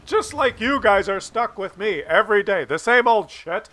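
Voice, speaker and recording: A man hosting a gaming channel tells a rambling, profane story as he plays. His voice is high and bright. He talks in a loose, chatty way. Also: normal speed, dry recording. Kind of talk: casual storytelling over gameplay.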